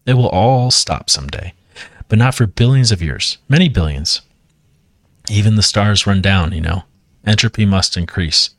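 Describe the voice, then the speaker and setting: Reassuring sci-fi father, read by a low-voiced man, quiet and dry. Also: normal speed, no room sound. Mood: patient. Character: cheerful future father of young kids.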